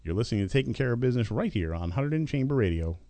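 A middle-aged male radio host with a gravelly, creaky voice lays out his business advice in an emphatic, lecturing way. His voice sits in the middle range, and the recording is dry and close, with almost no room sound. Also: medium pitch, expressive, very fast, warm tone, no room sound. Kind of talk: business talk radio monologue.

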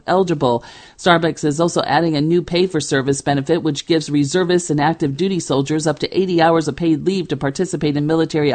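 A news anchor reads a radio news bulletin with crisp, measured delivery. Her voice is low for a woman and holds steady from one story to the next.

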